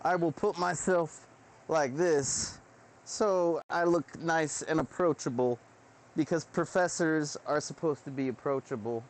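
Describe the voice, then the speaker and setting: A man's voice: fairly high pitch, unhurried. A man in a rambling, profane, self-deprecating live-stream monologue, recorded indoors on a webcam setup.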